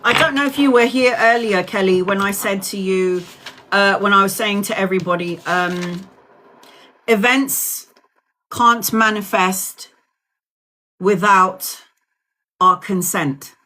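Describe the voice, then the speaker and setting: A woman's voice: medium pitch, fairly even intonation, slow, long pauses, bright, forceful tone, a little hiss or hum. A woman in her forties giving live tarot readings, soothing and direct, calling listeners sweetheart and honey. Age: 40s. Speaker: tarot reader.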